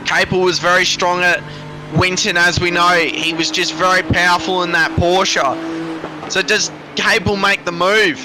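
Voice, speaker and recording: Excitable high-voiced race caller. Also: male voice, measured pace, music in the background. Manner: excitable, rambling, breathless. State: out of breath. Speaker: sim racing commentator. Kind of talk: live race commentary. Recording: noisy background.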